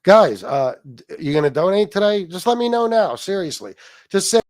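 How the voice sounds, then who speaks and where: A man's voice: sits high, very animated, normal speed, no echo, studio quality. Mocking, foul-mouthed man ranting. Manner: mocking, swearing, addresses viewers directly. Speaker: livestream host. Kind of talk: casual profane rant.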